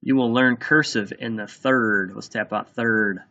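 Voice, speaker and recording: A man with a bright, gravelly voice reads a spelling test aloud at a very slow, deliberate pace, tapping out each sound of a word one by one. The recording is dull and lo-fi. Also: medium pitch, steady tone. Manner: slow, sounds words out letter by letter. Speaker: teacher.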